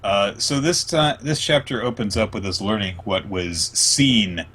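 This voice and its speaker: A man hosting a podcast, chatting casually and recapping comics in an animated way with plenty of fillers. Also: on the low side, a little slow, breathy edge. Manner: animated, retelling scenes with lots of fillers. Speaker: podcast host. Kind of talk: casual manga recap chat.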